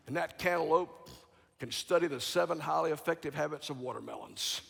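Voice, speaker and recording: A male guest preacher with a gravelly, slightly husky voice that sits a little high. He preaches dramatically, swinging from loud to hushed. Long reverb from a large church sanctuary trails his words. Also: brisk. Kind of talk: sermon.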